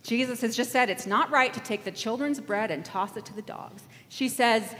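A woman's voice: a little high, normal speed, hardly any pauses, fairly bright tone. A woman giving an interactive sermon as a preacher, acting out voices and leading the audience in call-and-response. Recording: echoey hall with faint ambience.

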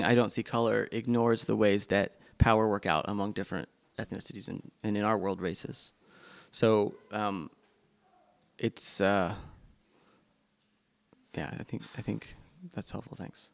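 A man's voice: fairly low pitch, fairly even intonation, measured pace, gravelly. A man leading a church class discussion in a loose, unscripted way, with frequent ums and restarts.

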